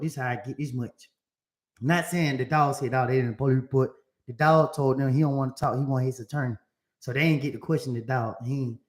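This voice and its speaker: A man telling a story to an audience in animated, casual vernacular, often repeating himself. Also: on the high side. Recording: roomy echo.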